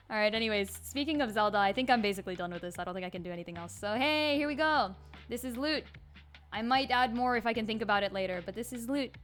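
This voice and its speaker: A woman's voice: on the high side, fast, fairly bright tone, faint music behind. A woman streamer chatting casually while she draws, laughing often. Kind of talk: casual chat while drawing on a live stream.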